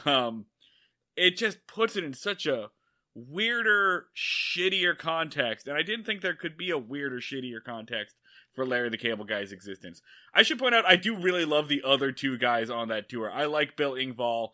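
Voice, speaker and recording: A man hosting a podcast, talking in an animated, joking way with casual swearing. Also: medium pitch, moderate pace. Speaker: podcast host. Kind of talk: casual discussion.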